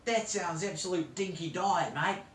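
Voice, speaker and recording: A man with an Australian accent playing a loud, slang-heavy Aussie cooking-show host in a comedy skit, in a home kitchen. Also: sits high, normal speed, pitched above the performer's own voice, close to an everyday voice. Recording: roomy kitchen, far from mic, noisy.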